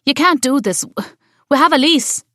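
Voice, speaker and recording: A woman reading the part of a young Irish woman who runs a family bistro, defiant and quick to retort. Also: sits high, lively intonation, pushed and bright, dry recording, studio quality, voice pushed up. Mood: indignant.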